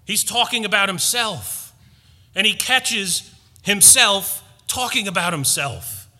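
A man preaching a sermon as pastor, emphatic and animated, with playful asides to the congregation. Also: sits high, slow, long reverb tail.

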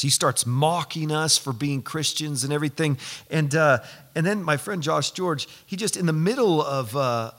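Guy preaching, tells stories all animated, kinda bright sharp voice. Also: fairly high pitch. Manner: storytelling, animated, acts out quoted people. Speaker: pastor. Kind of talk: sermon.

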